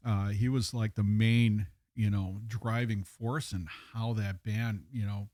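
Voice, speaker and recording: A man's voice: lowish voice, fairly even intonation, slow, a little mellow, dry recording, studio quality. A man co-hosting a podcast, telling stories in a rambling way with many fillers. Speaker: co-host. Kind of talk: casual chat.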